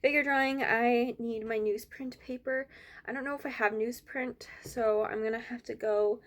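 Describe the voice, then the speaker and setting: A young woman, an art student, rambling softly in a casual vlog with many fillers, a little out of breath. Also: fairly high pitch, steady tone, moderate pace.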